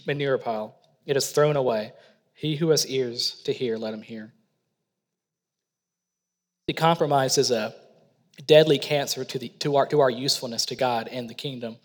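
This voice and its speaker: A man preaches a sermon with earnest emphasis, slowing down to lean on key words. His voice sits at an ordinary middle pitch. A long hall reverb trails after each phrase, as if he is standing in a church sanctuary. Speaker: missionary preacher.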